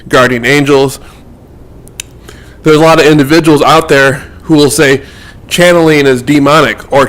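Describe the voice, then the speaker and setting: A man's voice: mid-range voice, a bit bright, poor audio. A man talking to camera about his work as a metaphysical mentor, in a casual monologue that rambles and repeats words as he thinks.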